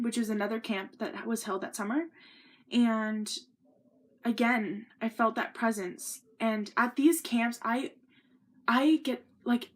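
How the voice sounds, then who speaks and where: A young woman sits and tells her own story to the camera in an earnest, rambling way, full of ums and false starts. Her voice sits a little high for a woman. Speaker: vlogger. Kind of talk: sit-down personal story vlog.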